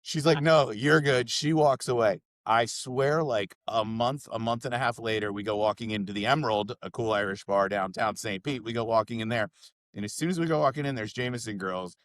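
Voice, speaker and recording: A man's voice: fairly low pitch, a little fast, no echo. A man co-hosting a casual podcast, telling a bar story and acting out the quotes in a raised voice. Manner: animated, acts out quotes in a raised voice. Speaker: podcast co-host.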